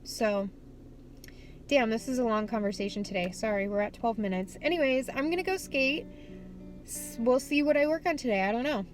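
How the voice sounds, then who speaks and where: A young woman with a slightly high voice, chatting candidly to camera. She swears freely. Faint music plays behind her outdoors. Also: moderate pace. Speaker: vlogger. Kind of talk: casual vlog chat. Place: outdoors at a skate spot.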